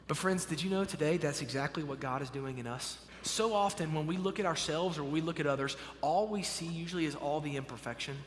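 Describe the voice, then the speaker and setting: A man preaching a sermon as a pastor, telling a story with animated swells and hushed drops. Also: a little high, a little fast, in a large hall, slight background noise. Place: church sanctuary.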